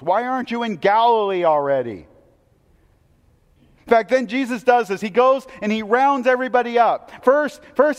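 A man preaching a sermon, telling the story with animated, acted-out quotes. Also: sits high, big-room sound. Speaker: pastor.

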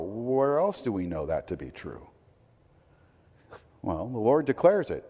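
A man's voice: mid-range voice, very animated, measured pace, long pauses. Preaching man in a reverberant hall. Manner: swings from hushed to loud and emphatic. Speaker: pastor. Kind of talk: sermon.

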